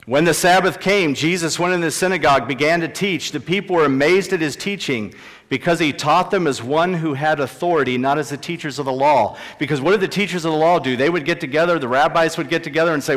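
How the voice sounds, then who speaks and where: A man preaching in a church sanctuary, with a voice pitched a little above the usual male range. He speaks emphatically and leans on repetition to drive home each point. The sound rings with long reverb from the large hall. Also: a little fast. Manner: emphatic, repeats key phrases for stress. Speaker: pastor. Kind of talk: sermon.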